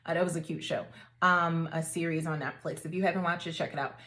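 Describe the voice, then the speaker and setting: Chatty woman with a lowish voice. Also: quick pace. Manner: animated, conversational, addresses viewers as y'all. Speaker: dating vlogger. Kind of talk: casual talk to camera.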